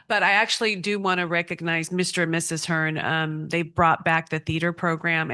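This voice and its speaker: Woman chairing board meeting, chatty, upbeat, lowish voice. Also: sharp tone, smooth.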